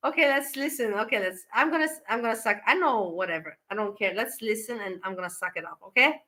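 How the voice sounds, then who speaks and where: A woman's voice: a little high, quick pace, few pauses, bright, forceful tone. A woman commenting on a stream she is watching, talking in an exasperated, scolding way and swearing often. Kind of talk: casual reaction commentary.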